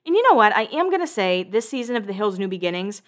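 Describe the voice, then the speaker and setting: Gossipy, animated woman recapping TV. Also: mid-range voice, fast. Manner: animated, gossipy, swears casually, acts out quotes. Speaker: podcast host recapping a reality show. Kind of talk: casual chatty recap.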